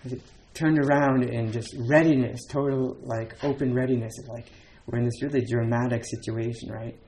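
A man's voice: mid-range voice, fairly even intonation, normal speed, a little mellow, slight background noise. A man giving a dharma talk as a Zen teacher, casual and chatty, with many fillers and laughs between points.

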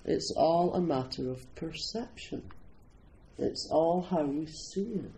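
A man's voice: a little high, takes it slowly, dark tone, slight background noise, low-quality recording. A Scottish man from Scotland giving an informal, humorous Buddhist talk, telling stories and often chuckling. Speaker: Buddhist teacher.

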